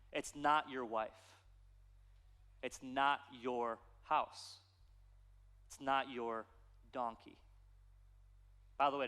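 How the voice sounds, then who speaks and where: A man, a pastor preaching a sermon with animated, playful storytelling. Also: mid-range voice, smooth, long reverb tail.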